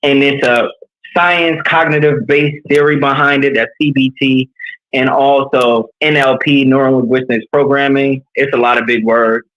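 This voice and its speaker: A man's voice: medium pitch, moderate pace, dull audio. A man from New York, a leadership coach, talking candidly and earnestly in an interview, telling personal stories with energy. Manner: earnest, animated storytelling.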